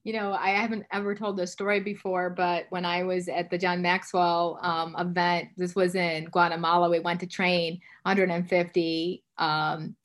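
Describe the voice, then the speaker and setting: A woman's voice: fairly low pitch, flat delivery, normal speed, hardly any pauses. Chatty woman podcast host in her fifties. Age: 50s. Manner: chatty, warm-hearted asides with many fillers. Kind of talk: conversational interview.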